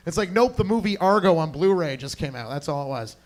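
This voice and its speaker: A man's voice: a little high, animated, a little fast. A young man doing a crude, rambling stand-up set, chatting with the crowd on a club stage. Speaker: stand-up comedian.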